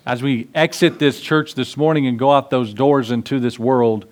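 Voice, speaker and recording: A man's voice: medium pitch, fairly even intonation, normal speed, a little mellow. A man preaching a sermon in a church, passionate and full of questions to the congregation. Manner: impassioned, rhetorical questions to the congregation. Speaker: pastor.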